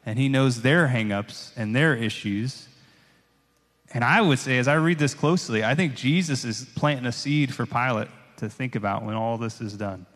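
A man's voice: mid-range voice, a bit bright. A man preaching a sermon in a loose, conversational way, often adding "like" and "right?" as he reads and explains scripture. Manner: casual, conversational, many filler "like"s and "right?"s. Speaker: pastor. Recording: long hall reverb.

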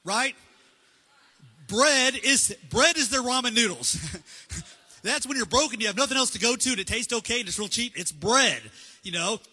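Male preacher, high bright husky voice, chatty sermon, reverberant hall. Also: expressive, normal speed, pauses often. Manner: casual, conversational, acts out dialogue. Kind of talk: sermon with slides.

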